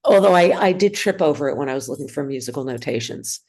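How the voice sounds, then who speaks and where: A woman teaching a synagogue class, speaking hesitantly with many ums and pauses. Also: low-pitched, animated, a little mellow. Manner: hesitant, many ums, sings trope examples. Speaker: bar mitzvah trope teacher. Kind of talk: classroom lesson.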